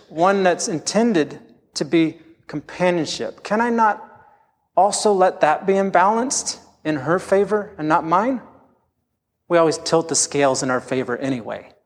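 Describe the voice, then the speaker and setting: A man's voice: high-pitched, in a large hall. A middle-aged man preaching a sermon as pastor, telling candid, self-deprecating stories from his own life.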